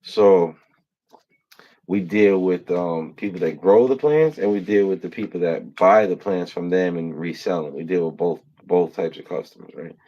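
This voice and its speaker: A man's voice: low voice, moderate pace, dull audio. A man hosting a casual livestream, rambling through funny stories, swearing and laughing often. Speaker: host.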